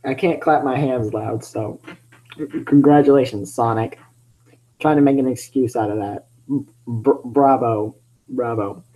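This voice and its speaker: A man's voice: mid-range voice, moderate pace, warm tone, low-quality recording. A man hosting his channel, reading fan fiction aloud with chatty, self-interrupting commentary.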